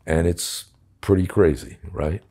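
In a long-form interview, this American guest, a former police commissioner, bluntly recounts a story and voices the dialogue complete with swearing. He speaks in a deep, steady, dark-toned voice at a slightly slow pace.

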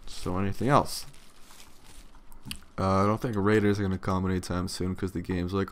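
A man's voice: deep voice, little pitch movement, normal speed, long pauses. A young man giving casual, rambling gameplay commentary, swearing freely and yawning often. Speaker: let's play commentator.

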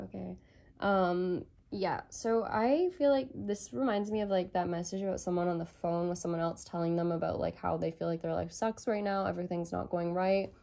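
A woman's voice: on the low side, mellow. A woman giving a channeled tarot reading, rambling and tentative as she thinks aloud. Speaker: tarot reader.

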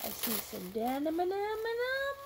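A woman crafting vlogger opens a gift on camera and talks in a gushing, tearful way. Her voice sits high and swoops widely, with a gravelly fry underneath. She talks slowly and laughs often. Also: huge pitch swings, background noise. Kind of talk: unboxing vlog.

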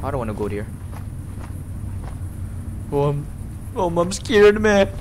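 A man's voice: a little high, sing-song, takes it slowly, a little hiss or hum. A man commenting live on a horror game, frightened and jumpy, swearing, gasping and yelping as he explores. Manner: jumpy, frightened, swears a lot, yelps and gasps. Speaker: gamer playing a horror game.

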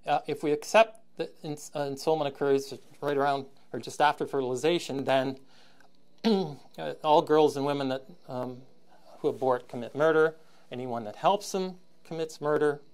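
A man giving a recorded university lecture, halting with many ums and frequent throat clearing, with wry, sardonic asides. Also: on the high side, darkish tone. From Canada.

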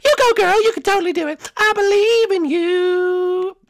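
A woman's voice: high-pitched, brisk. A woman voicing a cheerful, chatty young princess who hosts the show, in a Minecraft role-play. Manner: peppy, chatty, excitable. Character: cheerful, bossy young princess hostess, Peach. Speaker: series host.

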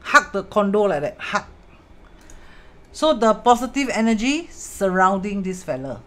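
A woman's voice: medium pitch, sing-song, measured pace. A woman with a Singaporean accent, a feng shui teacher chatting casually on a live stream, dropping in Hokkien and Mandarin words and greeting viewers as she goes. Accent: Singaporean English. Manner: greets viewers mid-explanation.

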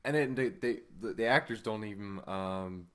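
A man co-hosting a casual podcast, talking haltingly and often restarting words as he recaps. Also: lowish voice, slight background noise. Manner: halting, stumbles over words, many restarts. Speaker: podcast co-host. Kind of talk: casual chat.

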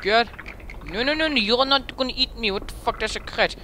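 A man giving excitable gaming commentary into a headset mic, swearing often and breaking into sudden yelps and shrieks. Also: very high voice, fairly quick, a little hiss or hum. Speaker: let's play gamer.

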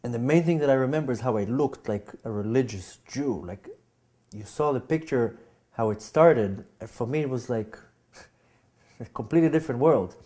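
Sharing his personal testimony, this man speaks at a medium pitch and stumbles through it, repeating himself and restarting often. When he acts out scenes, he becomes noticeably animated.

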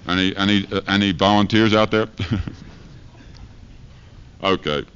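A street preacher comedian delivers a rambling, profane stand-up set full of rhyming chants, captured live before a university lecture hall audience in a 1970s archive recording. His voice is low and steady, a little slow and slightly bright. The lo-fi tape sounds dull, with faint background noise.

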